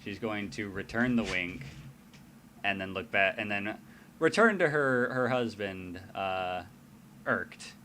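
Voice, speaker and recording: A man narrating as game master in a tabletop game, slow and expressive. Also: fairly low pitch, a little hiss or hum.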